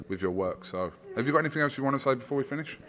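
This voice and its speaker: A man's voice: medium pitch, lively intonation, rapid-fire, fairly bright tone. A man interviewing a fighter in a casual, jokey way with lots of fillers. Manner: jokey, teasing, filler-heavy.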